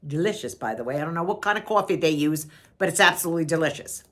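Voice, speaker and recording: Older New York-accented woman, chatty storyteller, lively up-and-down delivery. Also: low-pitched, quick pace. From Long Island, New York. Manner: chatty, repeats herself, animated. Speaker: vlogger. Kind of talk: casual storytelling.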